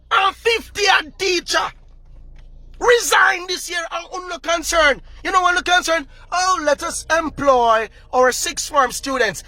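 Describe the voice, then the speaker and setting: A man with a Jamaican accent delivering a furious, repetitive political rant to his viewers, often shouting. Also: very high-pitched, dry recording. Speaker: vlogger.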